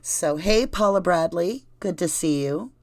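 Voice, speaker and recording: A woman's voice: fairly low pitch, expressive, unhurried, no room sound. A woman with a Southern US accent, chatting casually on a livestream and talking straight to her viewers. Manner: rambling, conversational, addresses viewers directly. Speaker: channel host reading live chat.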